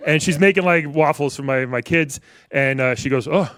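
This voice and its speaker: A man's voice: a little high, normal speed, a bit bright, no echo, clean studio sound. A man in his forties from New York doing a stand-up set, wry and conversational, riffing with the crowd. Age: 40s. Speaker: stand-up comedian. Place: comedy club stage with a live audience.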